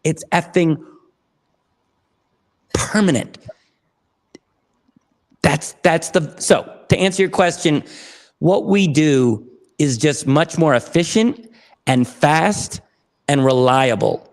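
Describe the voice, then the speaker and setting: A man guesting on a podcast, telling a client story with energetic enthusiasm and acting out the dialogue. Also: fairly high pitch, slow pace. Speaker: podcast guest, therapy program founder. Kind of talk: animated storytelling.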